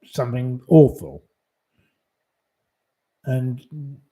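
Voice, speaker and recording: A man's voice: mid-range voice, mellow. A man hosting a live stream, indignantly scolding commenters in blunt, profane, repetitive retorts. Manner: repeats short dismissals.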